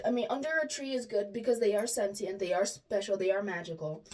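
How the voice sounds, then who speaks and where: A woman's voice: mid-range voice, a little fast, recorded from a distance. Chatty storytelling woman, a little off-mic. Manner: chatty and animated, acts out quoted dialogue, many restarts. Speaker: vlogger sharing personal stories. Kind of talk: casual storytelling monologue.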